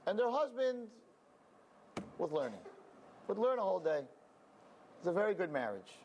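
Male storyteller, animated, higher-pitched voice, Yiddish-peppered delivery. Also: normal speed, lo-fi sound, a little hiss or hum. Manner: animated, sprinkled with Yiddish words. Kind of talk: told story.

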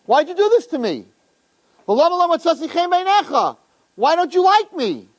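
Guy doing a worn-out leader crying out, high and exasperated, voice swinging way up. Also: big pitch swings, normal speed, dry recording. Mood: anguished. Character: anguished weary male leader pleading.

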